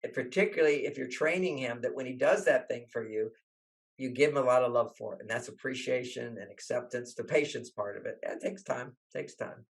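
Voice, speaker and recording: A man's voice: medium pitch, brisk, vocal fry, poor audio. An older man, a relationship author, telling stories in an interview and acting out the voices he quotes. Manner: animated, acts out quoted voices. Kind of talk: storytelling interview talk.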